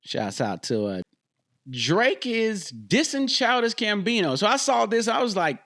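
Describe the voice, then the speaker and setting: A man hosting a podcast in casual commentary, animated and emphatic, with slangy talk and repeated phrases, into a podcast microphone. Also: high voice, moderate pace. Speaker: podcast host. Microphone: dynamic USB podcast microphone.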